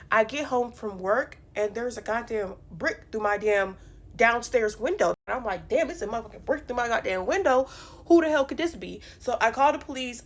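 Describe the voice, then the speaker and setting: A young woman telling a funny personal story in a casual storytime vlog, animated and profane, with punchy delivery. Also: fairly high pitch. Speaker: storyteller vlogger.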